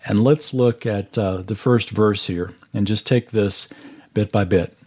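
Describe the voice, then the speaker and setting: A man's voice: on the low side, a little slow, a little mellow, husky. A man teaching a Bible class over a video call, earnestly walking through verses and explaining them step by step.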